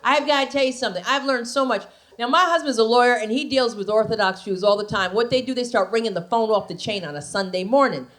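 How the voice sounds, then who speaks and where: A woman's voice: a little high, fast talker, few pauses, fairly bright tone. A woman comedian doing stand-up, telling stories brashly and with animation.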